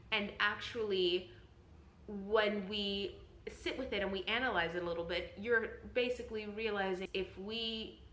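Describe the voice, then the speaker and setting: Her voice is medium in pitch, bright and forceful as this young woman, an actor, teaches how to read Shakespeare. She explains each step earnestly in an enthusiastic vlog lesson, repeatedly reassuring viewers, and the room gives a noticeable echo.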